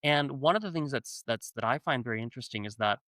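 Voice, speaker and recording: A man's voice: mid-range voice, animated, fast, bright, forceful tone, dry recording, clean studio sound. A man hosting a podcast in casual conversation, talkative and giving long examples from personal experience. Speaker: podcast host.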